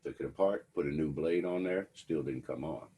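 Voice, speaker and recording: A man's voice: extremely low pitch, normal speed, mellow, slightly rough. A man giving a lecture to students, telling a personal story in a wry, conversational way. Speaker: instructor.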